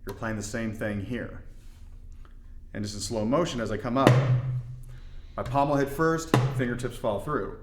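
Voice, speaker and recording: A man from Indiana explaining hand-drum technique in a relaxed, step-by-step way with folksy asides. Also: mid-range voice, moderate pace, pauses often, echoey room, over loud music. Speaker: darbuka teacher. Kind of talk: instructional demonstration.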